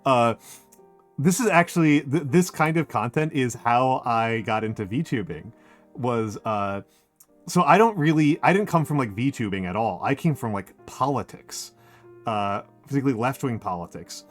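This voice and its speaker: A man's voice: mid-range voice, lively intonation, moderate pace, faint music behind. A man hosting a casual chat stream, rambling with many fillers and restarts and laughing often. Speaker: streamer host. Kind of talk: casual chat while painting.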